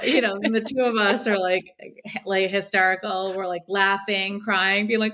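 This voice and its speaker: A woman from the Boston area, a podcast guest telling her story in a casual, animated way and acting out quotes with laughter. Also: medium pitch, moderate pace, a little hiss or hum.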